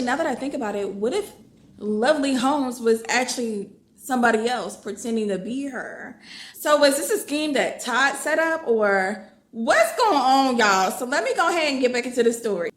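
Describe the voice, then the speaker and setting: A woman, chatting casually in a reading vlog, reading passages aloud and reacting with swearing and exclamations. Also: a little high. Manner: animated, swears freely, bursts of laughter and exclamation. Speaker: book vlogger. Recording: echoey room with faint background noise.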